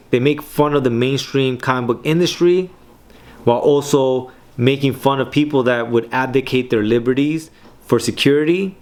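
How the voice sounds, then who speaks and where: A man walks through comic panels in a loose, conversational way. He leans on slang and swearing and keeps tagging his points with a quick "right?". His voice sits at an ordinary middle pitch. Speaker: comic book reading host. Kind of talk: casual commentary on comic panels.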